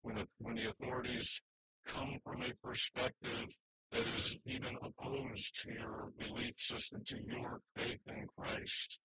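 A man's voice: medium pitch, flat delivery, a little slow, noisy background. A man preaching a sermon, earnest and emphatic, with frequent restarts as he works through scripture slides. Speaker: pastor.

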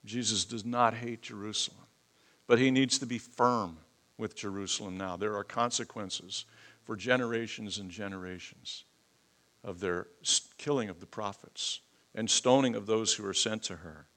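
A middle-aged pastor preaches a sermon at normal speed, his voice swelling loud and high to stress points. He leads prayer and teaches from the Bible.

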